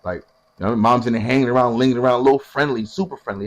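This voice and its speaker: A young man telling a story casually, animated and profane, acting out what other people said. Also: medium pitch, very fast.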